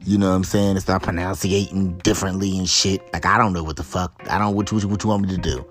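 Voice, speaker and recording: A man with a deep, low voice hosts a solo podcast in a casual, meandering chat. He swears freely, stumbles over words and laughs often as he goes. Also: level tone, fast, a bit bright, soft background music. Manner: rambling, profane, laughs often. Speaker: podcast host.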